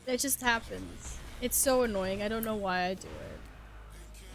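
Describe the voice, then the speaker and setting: A young woman's creaky, mid-range voice comes through a little slow as she plays a game on stream. She talks to her viewers playfully, teasing herself, laughing, and swearing casually.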